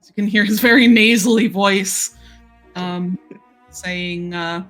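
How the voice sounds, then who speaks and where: A woman narrating as game master of a tabletop game, unhurried, with many fillers and frequent laughs. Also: mid-range voice, fairly even intonation, a bit bright, faint music behind.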